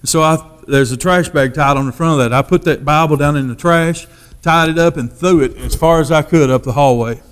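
A man giving his testimony as a sermon, in a folksy storytelling manner that drops to a hush for quoted thoughts. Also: a little high, a little fast, smooth.

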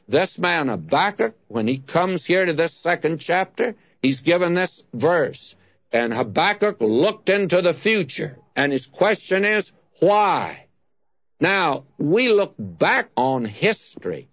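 A man's voice: fairly high pitch, no room sound. A man teaching through scripture verse by verse, reading passages aloud and stressing key words. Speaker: Bible teacher. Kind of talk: expository Bible teaching. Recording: dull lo-fi dry recording.

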